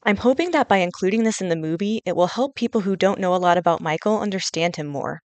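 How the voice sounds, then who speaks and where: A woman's voice: on the low side, fast talker, no echo. A young woman reading a scripted fan review as a voice-over into a gaming headset, earnest and detailed.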